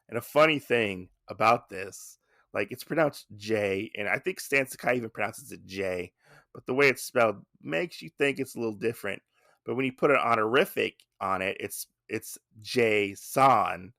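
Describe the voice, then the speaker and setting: A man's voice: fairly low pitch, creaky, a bit bright, no room sound, studio quality. A man hosting a podcast, recapping a comic in a rambling, casual way with lots of asides. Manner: rambling, with many fillers and asides. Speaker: podcast host.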